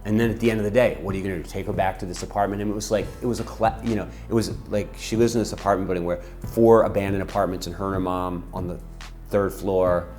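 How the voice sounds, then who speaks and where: A middle-aged man with a very deep voice tells a personal story from his ministry work. He speaks with intensity and passion, and he acts out the people in the story. Soft music plays faintly behind him. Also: fairly even intonation, fast.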